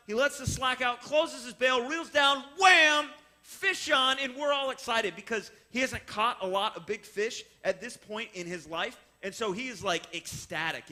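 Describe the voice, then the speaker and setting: Lively high-voiced man telling a fishing story. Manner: animated, acts out voices in his story; explaining. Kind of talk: personal story told to listeners.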